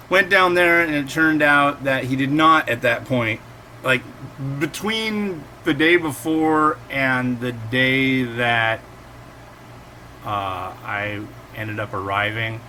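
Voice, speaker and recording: A man's voice: mid-range voice, takes it slowly, pushed and bright, a little hiss or hum. A man in his forties hosting a casual cooking and noodle review vlog, rambling from topic to topic. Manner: rambling and digressive, acts out quotes. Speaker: instant noodle reviewer and host.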